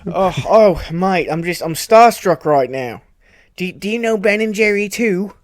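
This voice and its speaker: A man's voice: sits high, animated, a little slow. A man putting on an upset Australian bloke. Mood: starstruck. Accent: put-on Australian, slipping into English. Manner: indignant scolding, repeats "mate". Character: irate male Australian show critic, preachy. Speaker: podcast co-host.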